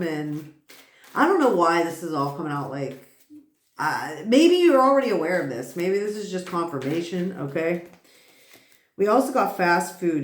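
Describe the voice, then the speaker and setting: A woman's voice: lowish voice, roomy sound. A woman giving a casual tarot reading, rambling and swearing, who keeps bursting out laughing. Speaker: tarot reader.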